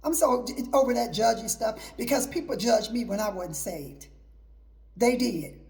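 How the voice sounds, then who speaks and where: A woman's voice: on the high side, animated, moderate pace, creaky, a little mellow. A middle-aged woman hosting her own show, giving an emphatic, repetitive preaching talk mixed with personal testimony. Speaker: host.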